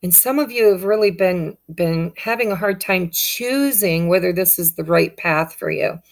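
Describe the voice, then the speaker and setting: A woman's voice: on the low side, moderate pace. A woman giving a casual tarot reading, speaking straight to her viewers in an upbeat, encouraging way. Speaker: tarot reader.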